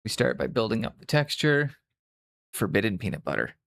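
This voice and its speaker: A man's voice: on the low side, sing-song, a little fast, creaky, fairly bright tone, no room sound. Young canadian guy w a mild west coast accent, mumbly chill streamer talk, swears casually, dry close sound. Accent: mild Western Canadian. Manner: laid-back, mumbling asides, casual swearing. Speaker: live streamer painting miniatures. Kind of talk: casual live-stream chat while working.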